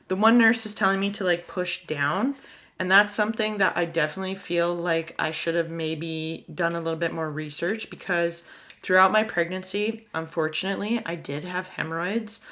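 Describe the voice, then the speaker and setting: Candid young woman, lower voice. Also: steady tone, normal speed, pushed and bright. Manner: chatty and candid, many "like" fillers. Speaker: vlogger. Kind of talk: casual storytelling.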